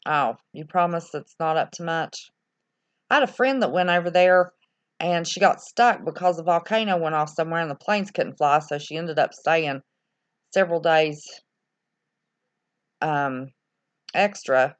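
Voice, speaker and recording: A woman with a low voice hosts a casual livestream at a measured pace, pausing often as she rambles and reacts aloud while reading viewer chat. The lo-fi sound is slightly dull.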